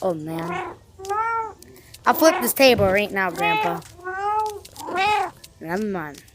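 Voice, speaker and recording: A woman's voice: medium pitch, sing-song, takes it slowly, gravelly, very noisy, heavily acted. A woman voicing a cheeky house cat who talks in slang, teasing and playful, as a comic voice-over for a pet video. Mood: baffled.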